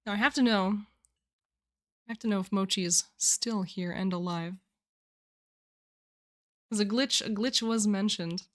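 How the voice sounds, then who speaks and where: A young woman hosting her own livestream, chatting about the viewer entries she reads. She gushes and rambles, tripping over restarts and piling on filler words. Her voice sits in an ordinary middle pitch. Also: measured pace, long pauses. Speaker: livestream host. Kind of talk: casual chat reading viewer submissions on a livestream.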